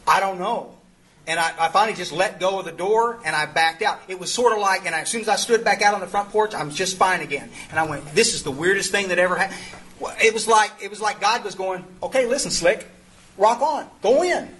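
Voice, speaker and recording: A man's voice: high-pitched, fairly quick, sharp tone. A middle-aged man, telling a rambling, humorous story to a recovery group, full of restarts. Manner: rambling, self-interrupting, humorous. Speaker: sponsor leading a twelve-step study. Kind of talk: folksy storytelling talk to a group.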